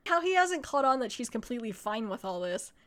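A woman hosting a podcast, retelling an episode in a casual, animated way and acting out the characters' lines. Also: on the high side, brisk. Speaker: podcast host.

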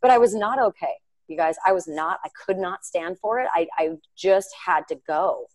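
A woman's voice: lowish voice, animated, moderate pace, darkish tone, rough recording. A woman co-hosting a podcast, telling a personal faith story in an earnest, chatty way, full of fillers and asides to her listeners. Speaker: podcast co-host.

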